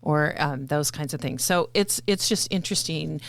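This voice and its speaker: A woman co-hosting a library podcast, chatting casually and often pausing with fillers as she thinks aloud. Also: low voice, gravelly, no echo. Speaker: podcast co-host. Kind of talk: casual chat.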